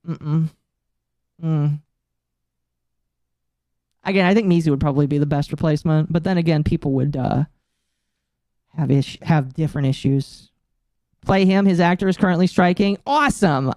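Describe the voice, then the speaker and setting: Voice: mid-range voice, moderate pace, long pauses, no room sound, clean studio sound. A streamer hosting a casual live stream, ranting with plenty of swearing and laughter. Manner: profane, animated ranting with frequent laughter. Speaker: streamer host.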